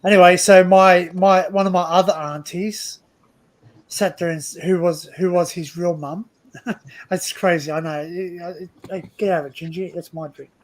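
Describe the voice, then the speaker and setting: A man's voice: high voice, steady tone, moderate pace, poor audio. A man hosting a casual livestream chat, telling a family story in a rambling way with many restarts. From Australia. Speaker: livestream host.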